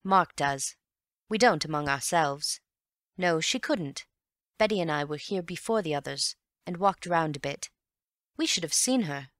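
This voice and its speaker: A woman reading an audiobook and voicing an eager, excitable young Englishman who is easily puzzled, with quick, breathless exclamations. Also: sits low, no room sound, studio quality. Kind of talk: audiobook character voice.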